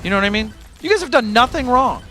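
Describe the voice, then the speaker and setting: Lively, bright-voiced male streamer talking candidly. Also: very high voice, quick pace, faint music behind. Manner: candid, rambling, self-deprecating. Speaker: livestream music host. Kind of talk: casual chat to a live audience.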